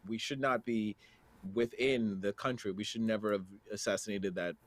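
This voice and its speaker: Low-pitched guy cohosting a news podcast, reads stuff out with lots of ums, dry sound. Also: no echo. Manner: halting, reads news aloud with fillers. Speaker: podcast co-host. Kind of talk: casual news discussion.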